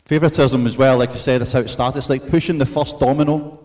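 A man's voice: medium pitch, steady tone, darkish tone. Earnest man preaching. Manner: earnest, measured preaching with storytelling asides. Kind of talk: sermon.

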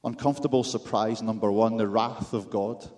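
A man's voice: fairly low pitch, moderate pace, a little mellow. A man with a Scottish accent preaching a sermon, with wry, self-deprecating humor and rhetorical questions to the congregation.

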